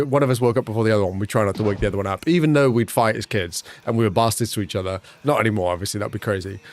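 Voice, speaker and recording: Chatting with his livestream audience, a young male streamer speaks quickly and curses freely. Whenever he quotes somebody, his voice jumps higher.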